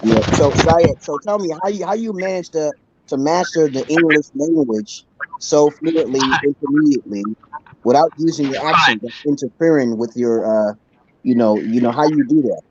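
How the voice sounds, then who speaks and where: A man's voice: fairly high pitch, normal speed, dull audio. A man hosting a casual chat, loose and swearing as he prods his guest over a video call. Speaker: host.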